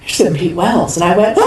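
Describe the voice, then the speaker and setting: A woman who owns a restaurant, chatting as a podcast guest and telling her story in a lively way, often laughing and acting out what people said. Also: mid-range voice, far from the mic, a little hiss or hum. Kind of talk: animated storytelling in casual chat. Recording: roomy echo, a bit off-mic, faint ambience.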